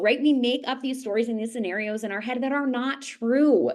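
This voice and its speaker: A woman's voice: fairly high pitch, normal speed, few pauses. A woman presenting a parenting webinar as a nurse, casual and conversational, often checking in with "right?" and acting out little scenes. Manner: conversational, with frequent "right?" tags and animated acted-out asides. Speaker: nurse and lactation consultant presenter.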